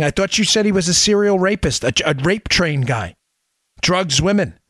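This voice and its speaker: A man's voice: on the high side, expressive, moderate pace, no echo, clean studio sound. Impassioned middle-aged male podcast host. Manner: impassioned, emphatic, fires rhetorical questions. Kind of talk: political commentary monologue.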